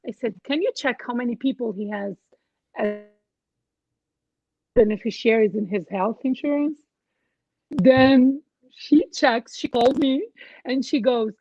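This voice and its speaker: A woman telling a personal story in casual chat, animated, acting out what others said. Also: a little high, a little slow, long pauses, no echo, muffled recording. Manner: animated, quotes others in her stories. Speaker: guest co-host.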